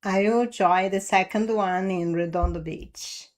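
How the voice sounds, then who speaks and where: Slow-talking woman host. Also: mid-range voice, steady tone. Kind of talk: casual interview talk.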